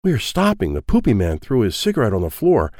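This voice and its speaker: A man's voice: lowish voice, wildly swooping pitch, fast, darkish tone, dry recording, clean studio sound, exaggerated voice. A man reading as a small literal-minded boy. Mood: matter-of-fact. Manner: short plain sentences, childlike wonder. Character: small timid seven-year-old boy, literal-minded. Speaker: audiobook reader. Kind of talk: first-person storybook reading.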